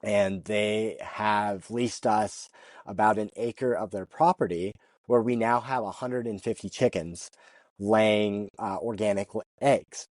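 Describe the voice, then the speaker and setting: A man's voice: on the low side, slow pace, no echo. A man who is a chicken farmer, telling stories as a podcast guest, acting out what people said and laughing often. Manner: lively storyteller who acts out dialogue and laughs often; repeats and restarts words while telling a story. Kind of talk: casual storytelling interview.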